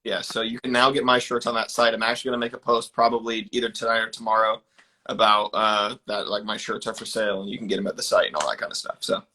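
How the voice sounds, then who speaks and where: A man in his twenties, a guest on an interview, telling stories in an eager, animated way. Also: lowish voice, fast talker. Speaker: guest, ninja competitor. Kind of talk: casual storytelling.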